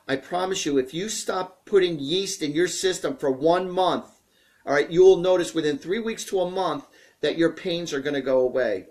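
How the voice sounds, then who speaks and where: A man hosting a live stream, answering viewer questions in a chatty, rambling, joking way that grows animated as he gets excited. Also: on the high side. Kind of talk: casual live-stream talk.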